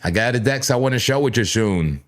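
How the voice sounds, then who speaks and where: A man's voice: medium pitch, animated, fairly quick. A man hosting a live trading stream, talking through his charts in a playful, chatty way and speaking straight to viewers in the chat, often repeating words and correcting himself mid-sentence. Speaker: livestream crypto trading host. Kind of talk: casual live chart commentary.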